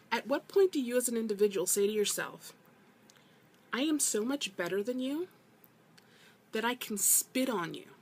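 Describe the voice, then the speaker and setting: Speaking at medium pitch with a breathy edge, a woman vents about customer service in a casual ranting vlog. Exasperated and emphatic, she keeps repeating herself to drive her points home.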